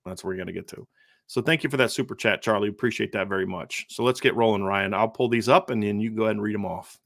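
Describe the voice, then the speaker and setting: A man hosting a casual sports podcast, talking quickly and acting out other people's quotes. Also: lowish voice, vocal fry, no room sound, studio quality. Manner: fast, animated, acts out quotes. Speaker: podcast host.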